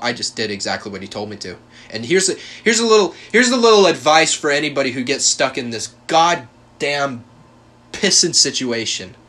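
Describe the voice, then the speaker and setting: Heated, bright-voiced young man. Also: medium pitch. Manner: heated, profane and emphatic, with many restarts and repeated words. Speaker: podcast host. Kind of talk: personal storytelling monologue.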